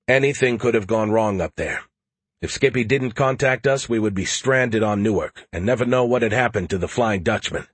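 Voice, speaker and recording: Husky, low-voiced male narrator. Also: normal speed, dry recording. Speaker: audiobook narrator. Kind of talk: first-person audiobook narration.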